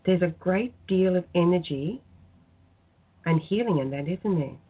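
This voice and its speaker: A woman, speaking in a soft, earnest, heartfelt way as a spiritual guest on a talk radio show. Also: fairly low pitch, lively intonation, measured pace, husky. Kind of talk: phoned-in radio chat, guided prayer. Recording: tinny phone-line sound.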